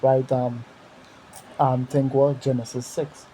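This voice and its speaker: A man's voice: mid-range voice, flat delivery, slow, background noise. A man leading a bible study discussion, reading scripture aloud and asking rhetorical questions.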